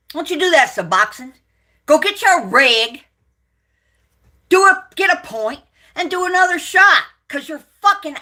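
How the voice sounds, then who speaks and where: Profane, furious woman ranting. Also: fairly high pitch. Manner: profane, shouting, insulting. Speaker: livestream host. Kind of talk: angry rant to viewers.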